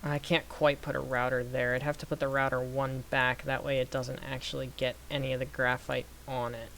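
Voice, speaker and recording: A young man giving casual gameplay commentary, thinking aloud through numbers and getting excited when things work. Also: mid-range voice, brisk, gravelly. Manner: excited bursts. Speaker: gaming youtuber. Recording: faint background noise.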